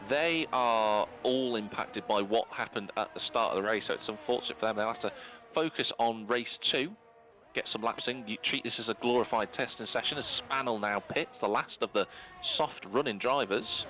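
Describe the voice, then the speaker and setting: A man giving live play-by-play commentary on a sim racing league, brisk and rising in pitch when incidents happen. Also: bright, forceful tone, slight background noise, poor audio. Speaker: race commentator. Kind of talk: live esports race commentary.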